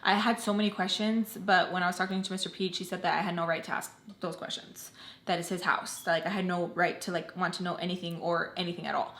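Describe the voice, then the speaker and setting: Young woman vlogger, casual storytime, lower voice, lots of "like", roomy echo. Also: flat delivery, fast, a bit bright. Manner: chatty, filler-heavy with constant "like". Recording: echoey room.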